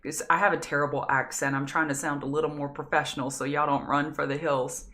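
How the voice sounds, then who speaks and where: A woman's voice: low-pitched, little pitch movement, a little fast, few pauses, bright, forceful tone. A woman hosting a live trading stream, chatty and self-deprecating with scattered asides. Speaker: trading show host. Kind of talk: live market analysis stream.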